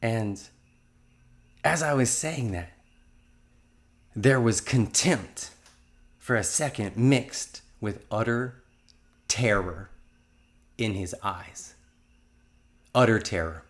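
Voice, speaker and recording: A man's voice: fairly low pitch, expressive, slow, long pauses. A man in his fifties telling a religious testimony in an earnest, rambling way, often restarting his sentences. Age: 50s. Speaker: testimony speaker.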